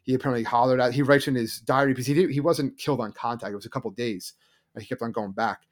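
Man, podcast co-host, casual chat, fast talker, loose storytelling, lots of fillers. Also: mid-range voice, fairly even intonation.

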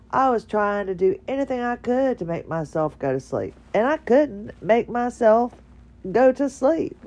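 A tired woman talks from her bedroom in a rambling, halting monologue full of restarts. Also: medium pitch, darkish tone. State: tired, drowsy. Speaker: podcaster. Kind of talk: casual personal monologue.

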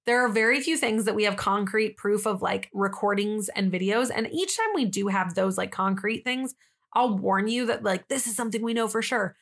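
A young woman co-hosts a casual true-crime podcast, speaking at medium pitch and normal speed. She tells the story chattily, acts out what people said, and uses "like" a lot.

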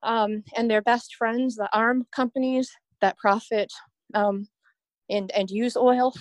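A woman's voice: mid-range voice, darkish tone, no echo. A woman guest on a podcast, talking in a rambling, earnest way and laughing often. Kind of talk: casual podcast chat.

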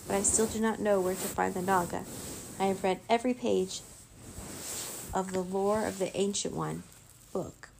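Cold, commanding wizard villain read by a woman, gravelly edge, storybook reading. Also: medium pitch, steady tone, normal speed, pauses often, background noise, close to an everyday voice. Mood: scheming. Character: scheming villainous male wizard, cold and domineering.

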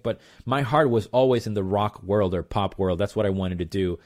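Here a percussionist guest on an interview talks through his story loosely, padding it with fillers and "blah blah." He is a man with a lowish voice who keeps a moderate pace.

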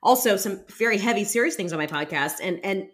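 A woman's voice: mid-range voice, expressive, fast. A woman hosting a podcast interview, speaking in an earnest, supportive way. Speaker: podcast host. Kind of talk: casual interview chat.

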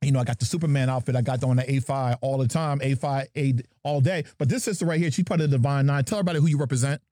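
A man's voice: medium pitch, steady tone, very fast, mellow, no room sound, studio quality. A man from New Jersey hosting a podcast, joking and playful as he introduces his guests. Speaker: podcast host. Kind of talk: lively podcast chat.

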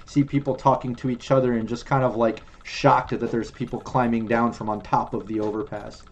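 A man narrating as game master in a relaxed, chatty way, with many fillers. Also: mid-range voice, a little fast. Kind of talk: narrating a tabletop role-playing game.

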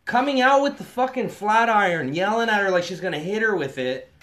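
A man's voice: high voice, expressive, a little fast, fairly bright tone. A man in his thirties, telling a personal story in casual, profane podcast chat.

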